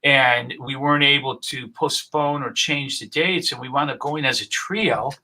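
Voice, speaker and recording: A man's voice: mid-range voice, normal speed, bright, forceful tone, a little hiss or hum. A man talking as a guest musician in a casual live-stream chat, laid-back and friendly with slang like dude and man.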